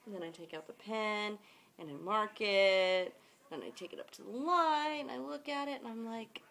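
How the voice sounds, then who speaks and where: A woman's voice: medium pitch, normal speed, gravelly, a bit bright. A young woman vlogging, telling a work story in a chatty, dramatic way and acting out the people in it. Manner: chatty, dramatic retelling with quoted voices. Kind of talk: casual storytelling vlog.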